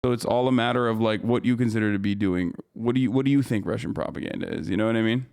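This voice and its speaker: A man's voice: fairly low pitch, fast, vocal fry, darkish tone, clear, resonant tone. A man streaming live, giving casual, profane and incredulous commentary as host.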